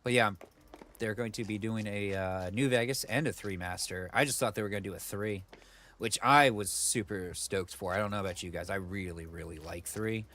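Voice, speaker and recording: A man with a lowish voice streams a video game from his computer, rambling casually with lots of fillers and side comments. He talks into a desk mic, with faint keyboard clicks in the background. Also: moderate pace, a bit bright, slight background noise. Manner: rambling, chatty, full of fillers and asides. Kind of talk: casual let's-play commentary.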